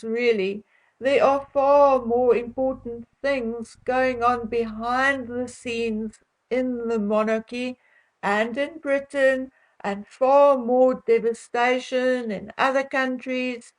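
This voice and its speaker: A woman's voice: sits high, poor audio. An older South African woman chatting casually to her viewers, opinionated and chatty, often laughing between remarks. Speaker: vlogger.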